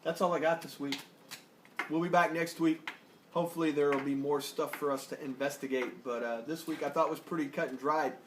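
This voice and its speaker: A laid-back man co-hosting a casual TV review, rambling along with easy jokes. His voice sits a bit high for a man. The room is echoey, with a faint hiss underneath. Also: steady tone, fairly quick. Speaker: podcast co-host.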